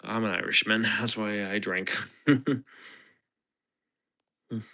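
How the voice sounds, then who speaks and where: A man's voice: fairly low pitch, little pitch movement, slow pace, bright, forceful tone. A man chatting casually on a live stream, rambling and chuckling as he reads chat aloud.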